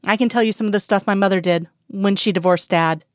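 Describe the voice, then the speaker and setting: A woman voicing a gentle, patient man who talks softly and reassuringly, in a dry, close recording. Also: medium pitch, steady tone, brisk, dry recording, lightly acted. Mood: soothing.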